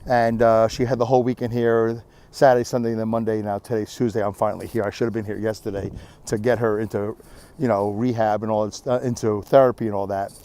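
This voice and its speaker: A man's voice: fairly low pitch, level tone, fast talker, mellow. A tired middle-aged man rambling candidly in a casual vlog, filmed at arm's length on a windy beach. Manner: rambling, candid, self-deprecating. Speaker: vlogger.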